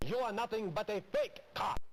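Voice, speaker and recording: A man's voice: sits high, a little slow, crowd noise, pitched above the performer's own voice. A man voicing a sleazy male photographer in a video game, speaking with a hammy fake French accent. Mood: indignant. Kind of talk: let's-play voice acting.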